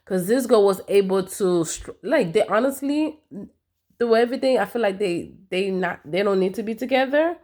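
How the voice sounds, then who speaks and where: A woman's voice: mid-range voice, lively intonation, normal speed, darkish tone. A woman giving a casual, emphatic, slangy recap of a reality TV episode, talking straight to her viewers. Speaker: TV recap vlogger.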